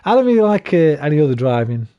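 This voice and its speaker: A man's voice: a little high, very animated, fast, warm tone, clear, resonant tone, dry recording, highs cut off. A British man in his thirties, casually chatting and swearing freely as he streams a football game and rants at his team. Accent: British English. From Britain. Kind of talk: casual gaming commentary. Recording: noisy background.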